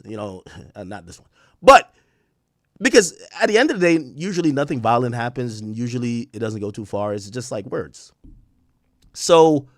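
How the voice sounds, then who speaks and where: Animated, profane man telling a story. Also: medium pitch, no room sound, clean studio sound. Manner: animated, profane, mocking impressions, laughs often. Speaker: streamer host. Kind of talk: casual storytelling rant on a livestream.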